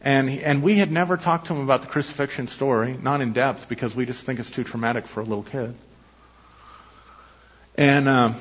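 A man preaching a sermon as pastor, telling a personal story in a conversational way with quick asides. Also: mid-range voice, a bit bright, husky. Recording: dull lo-fi sermon recording.

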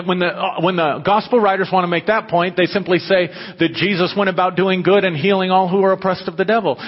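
A man's voice: high voice, slightly rough. Man preaching in an echoey hall. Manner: conversational preaching with rising emphatic bursts. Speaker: pastor. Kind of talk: sermon. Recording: dull muffled audio with long hall reverb.

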